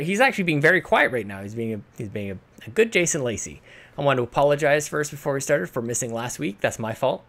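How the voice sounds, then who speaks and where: A man's voice: medium pitch, fairly bright tone. A man co-hosting a live podcast, chatting casually and running through a thank-you list in a rambling, self-deprecating way. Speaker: podcast co-host.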